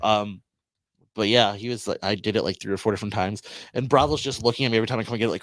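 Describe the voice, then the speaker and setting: A man's voice: lowish voice, fairly even intonation, very fast, a bit bright, no room sound. A man hosting a podcast, telling a rambling casual story and acting out what people said. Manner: rambling anecdote with acted-out quotes. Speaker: podcast host.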